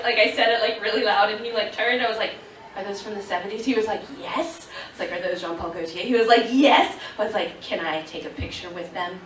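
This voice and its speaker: A woman in her thirties telling a lively story to a convention audience, laughing and acting out what people said. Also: medium pitch, quick pace, a little hiss or hum. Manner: animated, laughing, acting out quotes. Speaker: convention panel guest. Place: convention panel room. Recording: echoey room, voice from far off.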